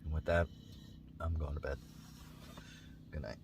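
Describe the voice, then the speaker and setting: A laid-back man talks to his camera at an outdoor campground in a plainspoken way. His voice is extremely deep. A generator drones clearly in the background. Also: measured pace, lo-fi sound. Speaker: camping vlogger. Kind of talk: casual talk to camera. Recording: steady generator noise behind. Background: generator noise.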